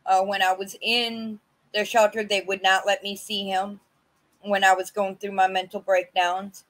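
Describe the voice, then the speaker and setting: A woman testifying about her own past on a virtual panel, speaking haltingly with many fillers and restarts over a video call. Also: mid-range voice, flat delivery, a bit bright, rough recording. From California. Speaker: community advocate sharing her story.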